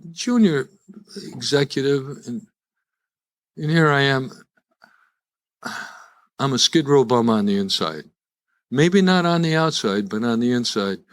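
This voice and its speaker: Older man telling his recovery story. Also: mid-range voice. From Chicago. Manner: humorous, self-deprecating storyteller with frequent restarts. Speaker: recovery meeting speaker. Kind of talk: live personal story talk to an audience. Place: live event before an audience.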